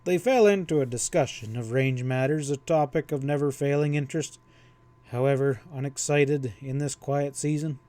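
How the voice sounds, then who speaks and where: A man reading a western novel aloud as an audiobook narrator, in a steady storytelling manner. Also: medium pitch, normal speed.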